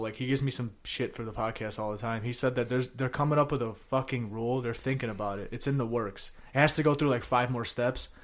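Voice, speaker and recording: A young American man co-hosting a casual podcast, rambling and swearing, with a lot of "bro" and "like". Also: medium pitch. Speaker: podcast co-host.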